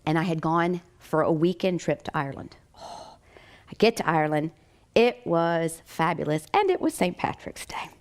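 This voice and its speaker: An American woman, a chiropractic doctor, telling a personal story in a lively way with frequent laughter. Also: lowish voice.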